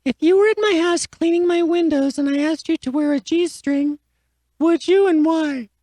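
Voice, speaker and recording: A woman's voice: very high-pitched, normal speed, dark tone, no room sound. A woman playing a naive, gushing contestant on a dating show in an improv comedy radio sketch.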